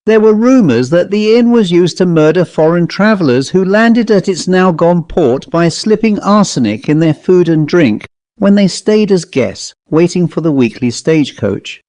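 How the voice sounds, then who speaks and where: A man voicing a proud, rotund village constable in his thirties with a provincial accent, raised in pitch. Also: lively intonation, moderate pace, hardly any pauses, darkish tone, dry recording. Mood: uneasy. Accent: provincial English.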